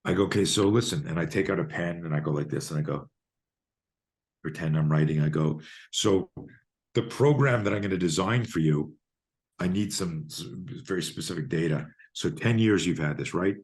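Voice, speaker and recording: Low-voiced man telling a profane story. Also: moderate pace. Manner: profane, animated storyteller acting out dialogue. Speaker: guest, fear coach. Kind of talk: storytelling interview talk.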